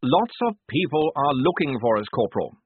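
A man voicing an earnest young male army lieutenant who tries to calm his troops. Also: mid-range voice, normal speed, slight background noise, voice pushed up, natural voice. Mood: placating. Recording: tinny phone-like sound.

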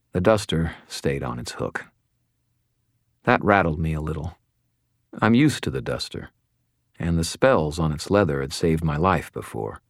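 Deep-voiced man narrating an audiobook. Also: dry recording, clean studio sound. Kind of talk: first-person audiobook narration.

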